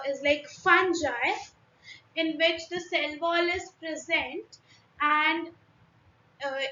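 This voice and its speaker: High-pitched Indian woman teaching slowly. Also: bright, forceful tone. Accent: Indian English. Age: young adult. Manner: hesitant, many fillers and restarts. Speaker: biology teacher. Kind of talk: online class explaining diagrams. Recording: echoey room, dull lo-fi sound.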